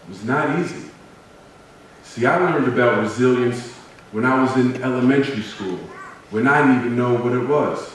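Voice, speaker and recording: A man's voice: mid-range voice, far from the mic, slight background noise. Man telling stories in an echoey hall. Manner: humorous, self-deprecating storytelling with dramatic pauses. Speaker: motivational speaker. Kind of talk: personal storytelling speech to an audience.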